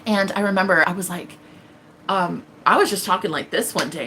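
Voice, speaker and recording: A woman's voice: fairly low pitch, fairly quick, fairly bright tone, a little hiss or hum. A woman hosting a tarot livestream, speaking bluntly and defiantly, with plenty of profanity and acted-out quotes. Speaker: tarot reader and livestream host. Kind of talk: casual livestream monologue.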